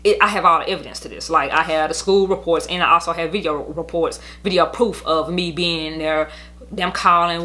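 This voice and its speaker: Young woman, storytime vlog, bright sharp voice, blunt, heated, rambling. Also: low-pitched, steady tone, a little fast. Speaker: vlogger telling her custody story. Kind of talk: casual storytime monologue.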